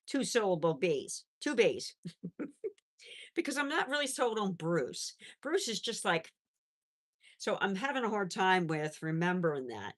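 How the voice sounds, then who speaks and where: A middle-aged woman chatting casually on a pet livestream, reading out viewer messages and cooing to her animals. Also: mid-range voice. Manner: chatty, warm baby-talk to pets, reads chat aloud. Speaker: livestream host. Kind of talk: casual live chat.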